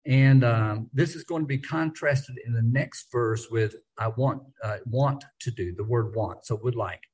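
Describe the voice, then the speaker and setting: The husky-voiced Bible study teacher speaks at a measured pace here, his mid-range voice slightly rough. He's relaxed and conversational, tripping over and repeating words as he works through ideas and pressing firmly on words for emphasis, in a rough recording.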